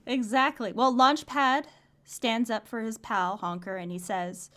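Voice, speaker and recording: A woman's voice: on the high side, fairly even intonation, unhurried, fairly bright tone. A woman co-hosting a podcast, animatedly recapping a comic in casual chat and laughing often. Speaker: podcast co-host.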